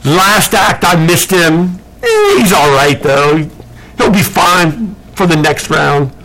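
A man's voice: sits high, very animated, slow pace, background noise, heavily acted. A man doing a brash circus performer. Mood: offhand. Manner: boastful, shrugging off mishaps. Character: cocky amateur circus performer, young man.

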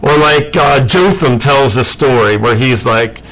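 A man teaching a Bible class in a casual, animated way, asking many rhetorical questions and using lots of fillers. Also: mid-range voice, a little slow, rough recording.

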